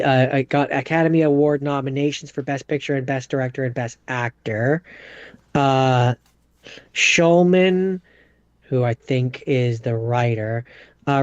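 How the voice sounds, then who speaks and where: A man co-hosting a podcast, reading out film facts haltingly with many fillers. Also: mid-range voice, fairly even intonation, a little mellow, clear, resonant tone, no echo, muffled recording. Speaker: podcast co-host. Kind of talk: casual movie chat.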